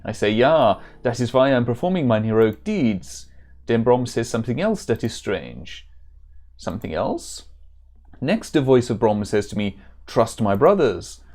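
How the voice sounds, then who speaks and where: A man's voice: medium pitch, warm tone. A man voicing a stern, earnest adult male warrior with a put-on German accent and formal old-style speech.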